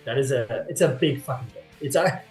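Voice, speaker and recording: Rambling game master, roomy sound. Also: male voice, medium pitch, brisk, a little mellow. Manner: loose, rambling narration with many fillers. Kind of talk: narrating a tabletop game. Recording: roomy sound with faint music.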